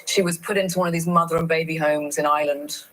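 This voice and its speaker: Low-voiced woman chatting as a guest. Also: fairly even intonation, fast talker, a bit bright, poor audio. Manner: chatty, hesitant restarts. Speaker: guest actor. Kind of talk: talk show interview.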